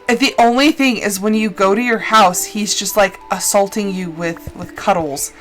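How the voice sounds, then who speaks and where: A woman's voice: mid-range voice, normal speed, faint music behind, poor audio. A woman streamer chatting casually and rambling while she plays a game. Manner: rambling, chatty, animated asides. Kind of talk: casual chat while gaming.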